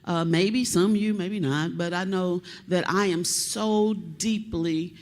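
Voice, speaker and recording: A woman's voice: lowish voice, slow, darkish tone. A woman from Kentucky, a family member of a missing soldier, speaking from the audience at a public meeting, tearful and rambling as she talks. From Kentucky, USA. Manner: chatty and rambling, self-described talker.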